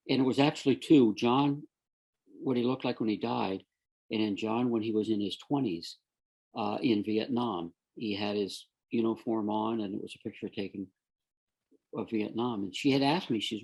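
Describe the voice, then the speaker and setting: A middle-aged man with a gravelly, slightly husky voice tells his story in a relaxed, conversational way. He slips in and out of the voices of the people he quotes and keeps the telling lively. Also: medium pitch. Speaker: guest sharing a near-death story.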